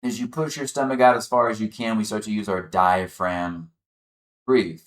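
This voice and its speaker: A man leading a chair yoga class, calmly guiding the listener through breathing and gentle movement. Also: lowish voice, normal speed, echoey room. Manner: calm, encouraging, guiding the breath step by step. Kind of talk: guided exercise instruction.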